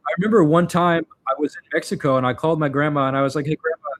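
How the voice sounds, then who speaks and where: A man's voice: fairly high pitch, steady tone, rapid-fire, fairly bright tone, dry recording. A man vlogging, telling personal stories in a rambling, reflective way, full of fillers and restarts. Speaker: vlogger answering viewer questions. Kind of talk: casual storytelling monologue.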